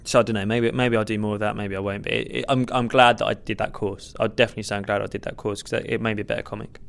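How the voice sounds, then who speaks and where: Speaking rapid-fire in a flat delivery, this young stand-up comedian rambles self-deprecatingly through an earnest podcast interview, restarting many times. His voice is lowish, creaky and fairly bright.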